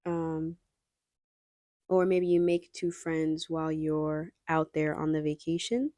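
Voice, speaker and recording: Low mellow woman, chatty tarot reader. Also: fairly even intonation, slow pace, no room sound, studio quality. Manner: chatty and rambling, addressing viewers directly. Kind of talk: casual pick-a-card tarot reading.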